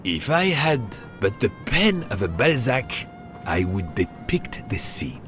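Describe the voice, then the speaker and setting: A grandly theatrical railway director in a video game, who swoops all over his range and takes his time over every phrase. Game music sounds loud and clear behind him. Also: fairly low pitch, very animated, takes it slowly, full character voice. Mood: expansive. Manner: expansive and theatrical.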